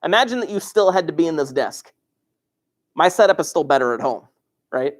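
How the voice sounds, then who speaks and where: A high school algebra teacher livestreams a class from his classroom desk, joking with and teasing his students and chuckling often. His voice is a little high, expressive and brisk.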